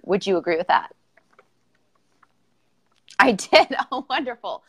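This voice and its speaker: A woman's voice: medium pitch, sing-song, unhurried, slightly rough. A woman hosting an informal live-streamed podcast interview over a video call, chatty and bubbly with lots of fillers. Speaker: podcast host.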